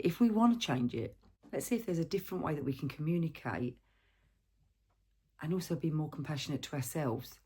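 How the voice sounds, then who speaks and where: A woman counsellor giving a gentle, reflective self-help talk and asking the viewer questions. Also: lowish voice, husky.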